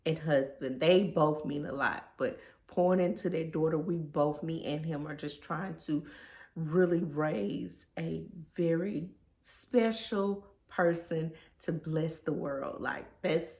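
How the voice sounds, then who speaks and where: A woman's voice: low voice, slow pace, darkish tone. Heartfelt woman vlogging in an echoey room. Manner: heartfelt, emotional, casual. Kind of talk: reflective personal vlog.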